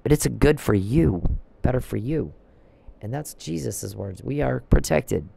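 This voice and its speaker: A man delivers a preachy, emphatic religious talk and quotes scripture as he goes. His voice is mellow and dark, with a gravelly creak, at a middle pitch. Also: lively intonation, a little slow, rough recording. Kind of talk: religious exhortation monologue.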